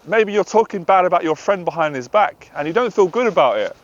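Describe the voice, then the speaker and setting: A high-pitched, expressive man talks briskly in a direct-to-camera monologue. He coaches on dating and anxiety, sounding earnest and confessional and sometimes acting out the voice in his head, in slightly dull lo-fi audio.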